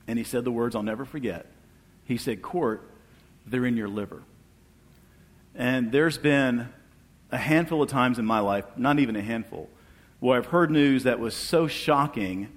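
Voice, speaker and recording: Earnest man giving testimony in a hall. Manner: earnest, calls for amens, voice drops low and soft at emotional moments. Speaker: guest speaker sharing testimony. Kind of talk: church testimony. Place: church hall. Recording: long reverb of a large hall.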